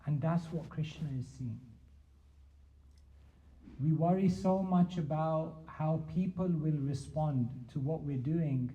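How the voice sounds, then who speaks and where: A man teaches in a Q&A, answering calmly and stacking repeated phrases for emphasis. His voice is deeply warm and mellow and sits a bit high. The recording sounds dull and lo-fi. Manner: measured, repetitive emphatic phrasing. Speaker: spiritual teacher answering questions. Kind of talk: Q&A teaching talk.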